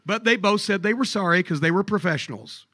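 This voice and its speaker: A man telling profane stories on stage at a live comedy club show, animated and jokey. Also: sits high, a little fast, no echo.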